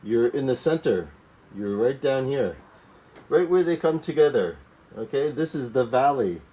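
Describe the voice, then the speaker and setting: A man's voice: medium pitch, animated, unhurried, mellow. A man teaching a geography lesson to young learners, repeating key words and checking understanding with frequent "okay" and "right?".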